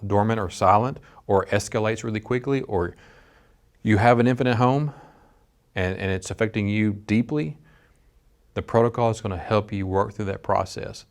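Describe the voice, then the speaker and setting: A middle-aged man teaches dispatchers in a low, gravelly voice. He talks earnestly and conversationally, with frequent restarts. His delivery stays plain and unpolished. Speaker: dispatch instructor. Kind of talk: training lecture with personal story.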